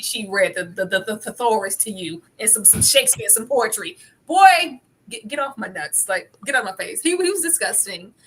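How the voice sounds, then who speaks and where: A woman co-hosting a casual reality-show discussion, talking in an animated, sassy way with sudden jumps in loudness. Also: medium pitch. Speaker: podcast co-host. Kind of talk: casual reaction chat.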